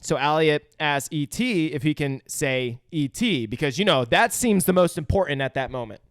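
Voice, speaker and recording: Animated man recapping a movie. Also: moderate pace, no echo, studio quality. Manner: swears a lot, acts out quotes in high voices. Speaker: podcast co-host. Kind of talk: casual movie recap chat.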